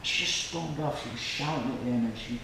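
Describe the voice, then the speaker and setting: A man's voice: medium pitch, a little fast, gravelly. Man telling stories in an echoey hall. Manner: storytelling, acts out quoted people, laughs along with audience. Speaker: lecturer at a temple. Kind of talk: informal spiritual lecture with anecdotes. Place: hall with an audience. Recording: very echoey room, noisy background.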